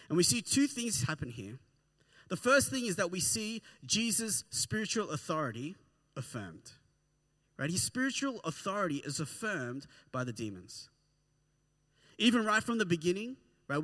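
A man preaching a sermon to a congregation in an animated way, often checking in with "right?". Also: a little high. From Australia. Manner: animated, keeps asking "right?". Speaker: pastor.

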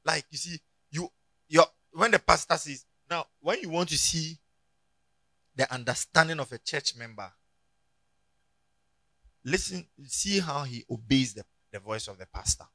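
A Ghanaian man preaching a sermon in church, telling stories and rising to loud emphatic peaks. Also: on the high side, dry recording. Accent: Ghanaian English. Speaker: pastor. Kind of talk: sermon with anecdotes.

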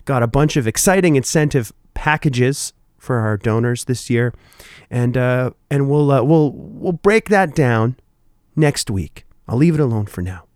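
A younger man hosting a country music radio show, chatting in a relaxed, folksy way with filler words. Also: mid-range voice, a little slow, no echo, studio quality. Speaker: radio host. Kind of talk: casual radio show chat.

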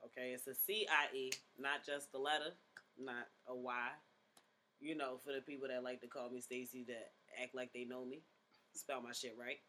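A man's voice: mid-range voice, flat delivery, normal speed, pushed and bright, a little hiss or hum. A man hosting a podcast in casual chat, laid-back, rambling and profane. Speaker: podcast host.

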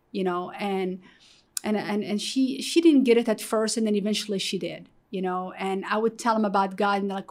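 A middle-aged woman from Morocco, speaking as an interview guest, telling her personal story candidly and acting out the voices of people she quotes. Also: mid-range voice. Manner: animated, acts out quoted voices, fillers like "you know".

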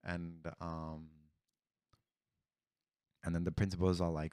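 A young man with a low, deep voice tells a rambling, profane story to his friends. He talks casually and drops "bro" into almost every sentence. The recording is dry and close. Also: level tone, moderate pace, pauses often, darkish tone, dry recording. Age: young adult.

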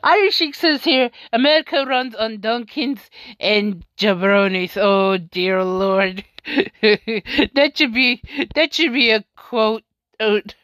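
A woman's voice: mid-range voice, takes it slowly, fairly bright tone, no room sound. A woman hosting a podcast, reading out tweets in casual chat and laughing often in amused disbelief. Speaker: podcast host.

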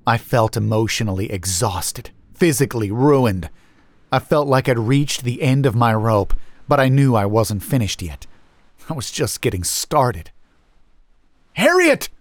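A man narrating a first-person horror story in a slow, measured, brooding manner on a close mic. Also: medium pitch, dry recording.

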